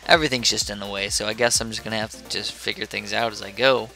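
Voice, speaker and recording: A man's voice: lowish voice, steady tone, fast talker, vocal fry, sharp tone, soft background music. A sleepy young man giving casual, rambling commentary while playing a game, drifting off topic into chatty asides. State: sleepy, yawning. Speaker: gameplay commentator.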